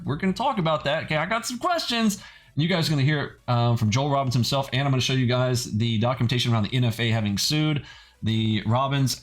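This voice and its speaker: A man hosting a trading channel in a casual, blunt and skeptical way, often adding "okay" as he talks. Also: mid-range voice. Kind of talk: casual video commentary.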